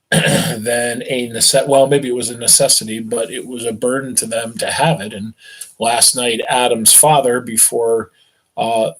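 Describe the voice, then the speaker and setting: A male teacher reading a novel aloud to his class. His voice sits in an ordinary middle register. He recaps loosely with easy fillers, then settles into steady, expressive reading. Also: medium pitch.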